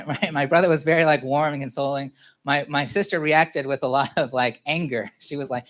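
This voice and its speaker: Brief: male pastor, relaxed confessional storyteller, lots of fillers and laughter. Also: a little high, normal speed. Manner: candid storytelling with many fillers and frequent laughter. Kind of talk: personal testimony in a sermon.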